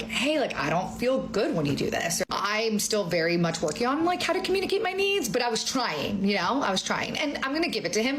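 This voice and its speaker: A young woman tells a story in a casual, chatty way and fills it with "like". She acts out the lines she quotes, and clear background noise sits under her voice. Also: medium pitch. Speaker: interviewee in a played clip.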